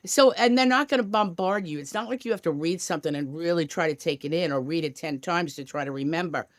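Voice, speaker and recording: A woman with a fairly low voice talks quickly as a guest from a tour company, keeping the travel podcast interview lively, upbeat, and full of casual tangents. The audio is dry and studio-grade.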